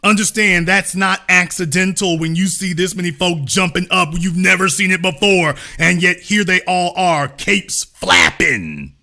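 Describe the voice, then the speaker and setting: A man's voice: sits high, steady tone, moderate pace, hardly any pauses, bright, forceful tone. A middle-aged man hosting a live-streamed commentary monologue, emphatic and repetitive with a preacher-like cadence and casual swearing. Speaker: host.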